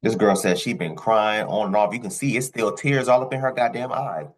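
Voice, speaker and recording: A man giving blunt, profane commentary as a vlogger, with his pitch jumping high on the words he stresses. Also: fairly quick, low-quality recording. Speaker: commentary vlogger reacting to a clip. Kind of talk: ranting commentary.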